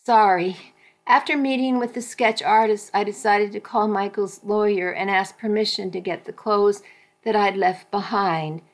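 A woman volunteer reading a romance novel aloud for a radio program, in a slow, measured way. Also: medium pitch, fairly even intonation. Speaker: volunteer reader.

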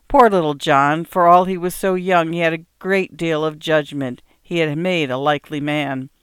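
A woman's voice: sits low, steady tone, normal speed, clear, resonant tone, dry recording, studio quality, close to an everyday voice. A woman reading aloud and voicing a kind-hearted, hardworking farmer in old rural dialect, earnest and homely in manner. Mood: sad. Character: kindly hardworking farmer man, cheerful yet grieving.

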